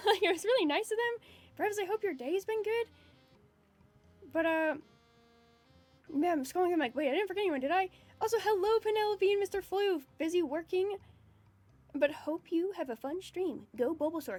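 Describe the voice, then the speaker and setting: A woman VTuber streamer chatting casually on a live stream, excitable and emotional, swearing freely as she reads viewer messages. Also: high-pitched, a little fast, soft background music.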